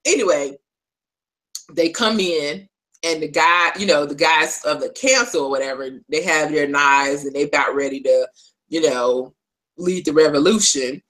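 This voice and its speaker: A woman co-hosting a casual recap, telling the story in an animated way, acting out the characters' lines, with lots of fillers. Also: low voice, moderate pace, low-quality recording. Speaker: podcast co-host.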